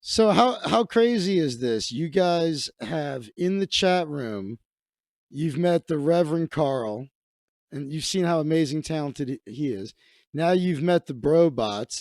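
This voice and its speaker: A man's voice: fairly high pitch, a little mellow, dry recording, clean studio sound. A man hosting a comedy livestream, riffing crudely and profanely with lots of restarts. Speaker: livestream host. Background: faint music playing.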